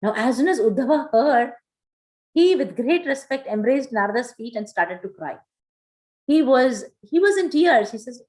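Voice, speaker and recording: A woman teaching a scripture class, retelling a story in an animated way with many fillers. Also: sits high, moderate pace, poor audio.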